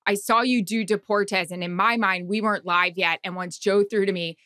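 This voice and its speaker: A woman podcast host chats in an animated, unfiltered way, swearing freely and acting out what people said. Her voice is bright and forward. The studio sound is dry and close. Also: medium pitch, normal speed, no echo. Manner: animated storyteller who swears freely and acts out quotes. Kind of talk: casual podcast chat.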